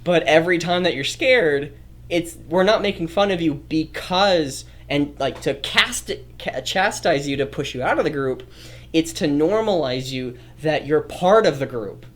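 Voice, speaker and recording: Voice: medium pitch, lively intonation, a little slow. A streamer thinking aloud while drafting a story, rambling, correcting themselves and often laughing.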